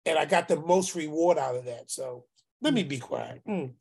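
A man on a video call telling an emotional story to friends, animated and acting out bits of dialogue. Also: fairly high pitch, normal speed, creaky, crowd noise. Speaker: group call participant, former youth worker. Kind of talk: heartfelt storytelling among friends.

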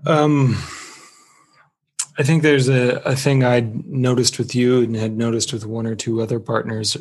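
A man's voice: mid-range voice, flat delivery, measured pace, a little mellow. A man talking earnestly and reflectively in a casual podcast conversation. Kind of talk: casual conversation about intimacy.

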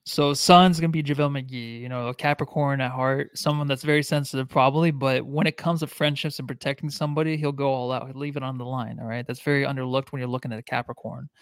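A man's voice: medium pitch, fairly even intonation, fast, few pauses, clear, resonant tone, no echo, studio quality. A man co-hosting a casual sports podcast in an easygoing, rambling way. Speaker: podcast co-host. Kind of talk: casual chat.

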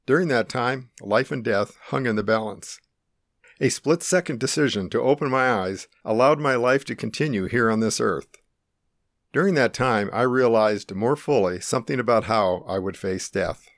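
A middle-aged man calmly and earnestly narrating his own life-or-death experience in the first person. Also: medium pitch, no room sound, clean studio sound. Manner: calm, earnest, reflective.

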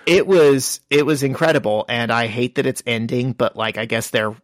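A man's voice: mid-range voice, normal speed, no echo. A man co-hosting a podcast, chatting casually and acting out little quoted bits as he tells stories. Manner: chatty storyteller, acts out quotes. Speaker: podcast co-host. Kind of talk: casual chat.

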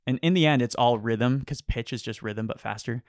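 A young adult man who is a beatboxing guest, chatting casually and explaining in a relaxed way with "you know" asides. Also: mid-range voice, fairly quick, dry recording, studio quality. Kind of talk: casual chat.

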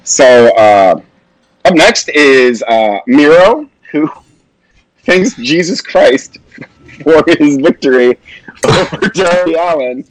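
Animated, self-mocking male podcast host. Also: slow pace, no room sound, low-quality recording. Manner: animated, self-mocking, jumps up in pitch when amused. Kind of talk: casual chat.

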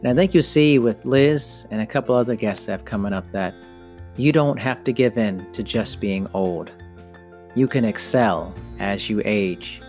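A man's voice: fairly low pitch, a little mellow, faint music behind. A man from the United States hosting a podcast interview in a chatty, upbeat way. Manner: upbeat, chatty, with slow deliberate intro phrasing. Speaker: podcast host.

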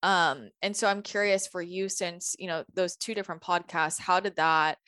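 A woman's voice: fairly low pitch, fairly even intonation, normal speed, fairly bright tone, no room sound, clean studio sound. A woman hosting a podcast, talking eagerly and conversationally before asking a long question. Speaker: podcast host. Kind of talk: casual interview chat.

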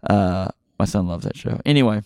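A middle-aged man hosting a podcast, retelling a movie plot in a rambling, excitable way with many fillers and restarts. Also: lowish voice, normal speed, creaky, no echo, clean studio sound. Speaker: podcast host. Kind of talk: casual movie podcast chat.

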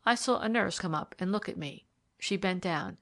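Audiobook narrator, female, mid-pitched, steady scripted narration of a period mystery. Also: normal speed. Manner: lifts pitch and volume for quoted characters. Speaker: audiobook reader.

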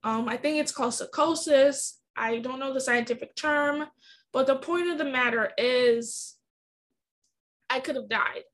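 A woman's voice: high voice, a little slow, fairly bright tone. A young adult woman hosting a podcast, telling a personal story in an earnest, emotional and candid way. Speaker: podcast host.

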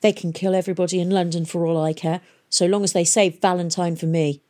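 A woman reading an audiobook, voicing a bitter, vengeful teenage girl who speaks coldly and flatly. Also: lowish voice, fast talker, lightly acted. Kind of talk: audiobook character voice.

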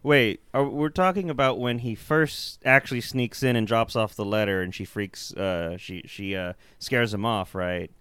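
A man co-hosting a casual movie review chat, talking in an animated way with lots of fillers, restarts and swearing. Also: fairly low pitch, moderate pace, hardly any pauses, clear, resonant tone, no room sound. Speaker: podcast co-host.

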